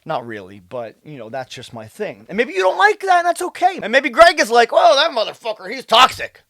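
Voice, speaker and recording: A man rants straight to camera, cursing freely as he swings between loud outbursts and low, quiet muttering. His pitch leaps around with lively, animated swings. The sound is dry, with no room echo. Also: a little fast. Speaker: fitness coach and video creator. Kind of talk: profane ranting monologue to camera.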